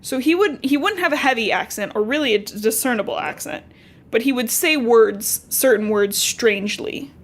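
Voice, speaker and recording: A woman's voice: fairly high pitch, normal speed. A young woman from Cincinnati hosting a podcast, recapping a novel in casual, slangy chat with swearing asides. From Cincinnati, Ohio. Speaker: podcast host.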